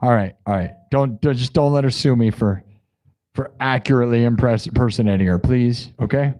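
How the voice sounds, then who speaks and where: A man's voice: mid-range voice, a little fast, dark tone. A man hosting an improvised music and story livestream, talking casually and joking around with his viewers in a rambling way. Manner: playful, rambling, joking asides to chat.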